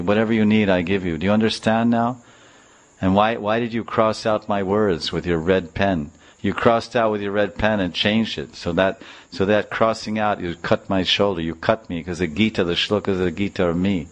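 A man voicing a god's calm inner voice, instructive and steady. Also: sits low, close to an everyday voice. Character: divine inner voice of a god.

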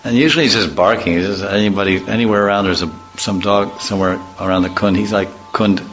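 A man's voice: fairly low pitch, fast talker, a bit bright, soft background music, low-quality recording. A man giving an informal religious talk, telling chatty, playful anecdotes and acting out voices. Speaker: devotional speaker.

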